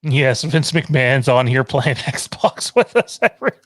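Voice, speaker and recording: Slow, laid-back joking man. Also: mid-range voice, expressive, fairly bright tone, no room sound. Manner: laid-back, jokey, often laughing. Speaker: podcast co-host. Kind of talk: casual chat reading live chat.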